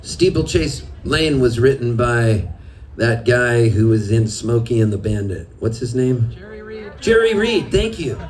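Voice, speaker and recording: A man telling stories between songs at a live show, animated and self-mocking, often laughing as he talks. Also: medium pitch, a little slow. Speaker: singer-songwriter telling stories on stage. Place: live music venue with an audience. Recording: distant live room recording with crowd. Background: audience and ambient noise.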